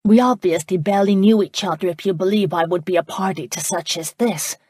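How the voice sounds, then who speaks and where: A woman narrator voicing a spirited young American woman who speaks boldly and indignantly, higher and louder than her narration. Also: fairly quick, husky, dry recording, clean studio sound. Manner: bold and indignant.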